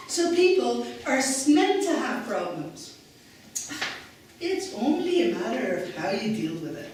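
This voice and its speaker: A woman on stage voicing her lively ninety-two-year-old aunt, who speaks with a slight foreign accent in an emphatic, encouraging way. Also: fairly high pitch, a little slow, a little hiss or hum. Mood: upbeat, wise. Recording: echoey hall from far off.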